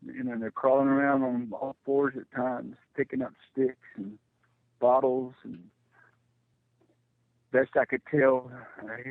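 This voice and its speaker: A middle-aged man telling a personal story as a radio guest, halting and repeating words when it gets tense. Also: mid-range voice, little pitch movement, gravelly, dry recording. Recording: tinny phone line, dry.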